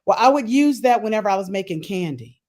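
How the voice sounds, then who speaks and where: A woman's voice: mid-range voice, animated, quick pace, a little mellow. A woman appearing as a talk-show guest, speaking in friendly, matter-of-fact casual chat.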